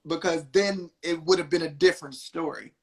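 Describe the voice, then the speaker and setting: A young man hosting a podcast, telling a story in a casual, animated way and acting out the people in it. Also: fairly quick. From New Jersey. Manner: animated, acts out quotes with big pitch jumps. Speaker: podcast host.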